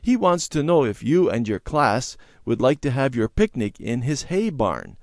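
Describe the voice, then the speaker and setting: A man reading aloud and voicing a calm, loving mother reassuring her children. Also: medium pitch, moderate pace, no echo, studio quality, pitched above the performer's own voice. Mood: pleased.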